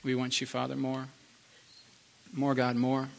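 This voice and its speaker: A man pastoring a church service, leading a fervent prayer with repeated pleas, sometimes hushed. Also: medium pitch, completely flat delivery, unhurried, creaky. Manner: fervent repeated pleading, soft and hushed at times. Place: church sanctuary.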